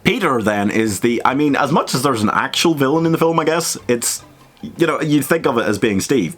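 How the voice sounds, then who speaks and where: A man's voice: medium pitch, expressive, normal speed, a bit bright. A young man hosting a casual film commentary, rambling and emphatic with frequent self-corrections.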